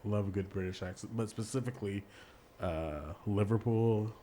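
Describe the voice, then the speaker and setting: A man co-hosting a podcast in casual chat, rambling and giggly, with halting phrases. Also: lowish voice, warm tone, a little hiss or hum. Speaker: podcast co-host.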